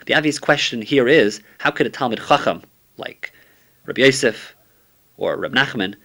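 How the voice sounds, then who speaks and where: A man's voice: medium pitch, expressive, moderate pace, pushed and bright. A man teaching a summary of a Talmud page, reading steadily and using many Hebrew and Aramaic terms.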